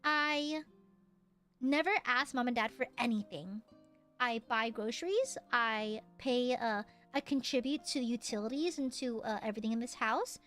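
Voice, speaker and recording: Young woman streamer, high bright voice, chatty, rambling, quick to laugh. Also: faint music behind. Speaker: VTuber streamer. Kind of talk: casual chat.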